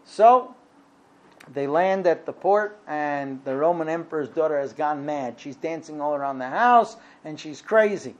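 A man teaching a class, retelling a Talmud story in a halting way, with many ums and self-corrections, and growing lively when he quotes the figures. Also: a little high, lo-fi sound.

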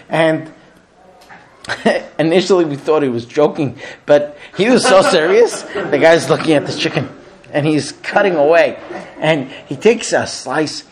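A man teaching a religious class, telling stories in an animated way and often laughing. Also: on the high side. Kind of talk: storytelling religious lesson.

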